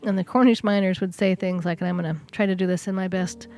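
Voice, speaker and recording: A woman's voice: lowish voice, steady tone, fast talker, a little mellow. A woman co-hosting a podcast, chatty and digressive in casual conversation. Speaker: podcast co-host.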